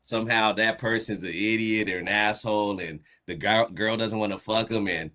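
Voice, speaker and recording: A man's voice: on the low side, fairly even intonation, normal speed, sharp tone. A man chatting casually as a podcast host, rambling with many restarts, laughing and acting out quotes. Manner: rambling, stop-start, laughs often, acts out quotes. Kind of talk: casual chat.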